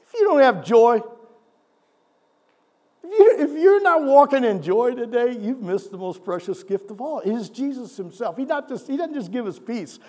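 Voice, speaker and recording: Preaching with great animation, a man poses rhetorical questions to his congregation and alternates between booming and hushed passages. He has a very high voice and keeps a moderate pace.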